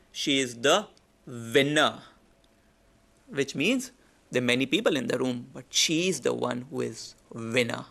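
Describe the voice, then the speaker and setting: Male speaking coach, Indian English accent, gravelly mid-pitched voice, lectures and drills example lines. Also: sharp tone. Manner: explanatory, repeats example sentences with shifting emphasis. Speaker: public speaking instructor.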